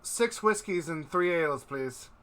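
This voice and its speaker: A man playing a showy gambler with cordial, genteel manners. The voice is a little raised and bright, and smooth in how it addresses people. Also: fairly high pitch, animated, unhurried, pitched above the performer's own voice.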